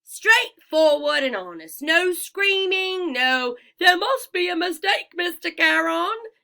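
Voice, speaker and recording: A woman's voice: a little high, lively intonation, bright, forceful tone. Charon, silky cold ferryman, voiced by a woman. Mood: silkily greedy. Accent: vaguely British. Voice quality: smooth, sweetly menacing, drawn-out. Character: smooth, cold, greedy male ferryman of the dead.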